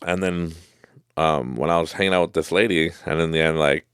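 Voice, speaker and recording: A man's voice: extremely low pitch, steady tone, fairly quick, fairly bright tone, clean tone, no room sound, clean studio sound. A man hosting a podcast, telling casual, rambling stories, laughing often and acting out quoted people. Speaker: podcast host. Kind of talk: casual storytelling monologue.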